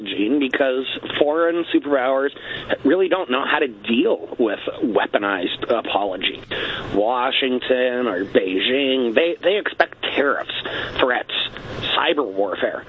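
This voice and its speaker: A man's voice: medium pitch, narrow, tinny audio, a little hiss or hum. A Canadian man giving a tongue-in-cheek radio interview, wry and full of stock phrases like "quite frankly". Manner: wry, repeats "let's be honest" and "quite frankly". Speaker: guest with a satirical platform.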